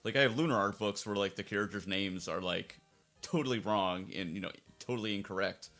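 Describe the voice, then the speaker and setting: A man's voice: lowish voice, brisk, fairly bright tone, faint music behind. A man casually commentating over a game playthrough as its fan translator, rambling and circling back on his points. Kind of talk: casual let's-play commentary.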